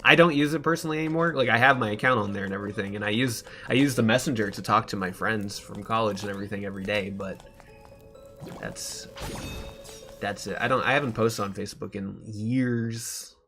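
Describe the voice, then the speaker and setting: A man's voice: on the low side, fairly quick, sharp tone, faint music behind. A young man streaming a game, rambling in casual chat and laughing often.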